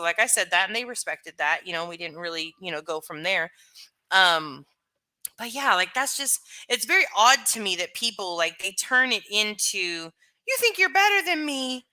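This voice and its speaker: A woman's voice: mid-range voice, pushed and bright. A young woman hosting a casual livestream, reading chat and rambling frankly with lots of "like" and "you know".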